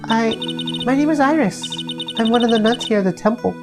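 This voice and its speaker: A woman on a stream voicing a shy, gentle young nun from a game, soft and hesitant. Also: a little high, a little fast, close to an everyday voice. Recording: game music playing clearly behind.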